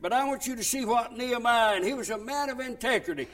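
A man's voice: very high voice, fast talker, fairly bright tone. A man preaching a sermon, folksy storytelling that swells into fervent, raised passages.

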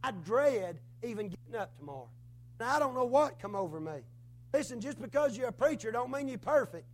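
A preacher man with a hoarse, worn voice, giving a fervent sermon that swings between shouts and low murmurs. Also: very animated, fairly quick. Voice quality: hoarse, strained voice. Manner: fervent, rising to shouts then dropping low.

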